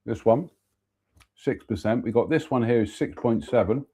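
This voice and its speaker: A man's voice: medium pitch, moderate pace, mellow, husky. A man, chatting casually as host about a walk and a beer, then reading out a ghost story. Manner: chatty, exclamatory, reads labels aloud.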